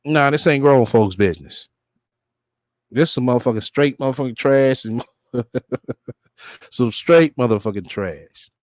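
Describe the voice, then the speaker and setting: A man's voice: mid-range voice, a little mellow, no echo. A man hosting a reaction show, blunt, profane and mocking in casual commentary.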